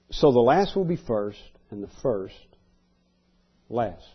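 Halting preacher man, husky and lo-fi. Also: medium pitch, sing-song. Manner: conversational, halting with repeated words and fillers. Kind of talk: sermon.

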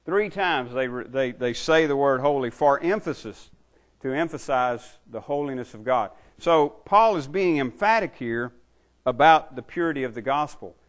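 A man's voice: mid-range voice, animated, normal speed. Man preaching an emphatic sermon. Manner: conversational teaching with emphatic scripture reading. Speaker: pastor.

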